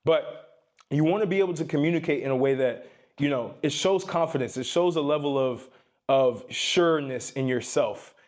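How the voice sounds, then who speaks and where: Facing the camera, a young adult man runs a dating advice vlog, speaking at normal speed in a fairly high voice with lively tonal shifts. As a dating and self-improvement creator, he lectures emphatically, leaning on repeated "you need to" and shifting his tone on purpose for emphasis in this direct monologue.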